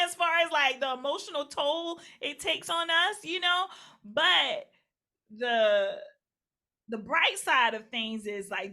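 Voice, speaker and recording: Bright-voiced woman host, encouraging. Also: sits high. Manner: encouraging, reflective, quick affirmations. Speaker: podcast host. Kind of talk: supportive interview chat.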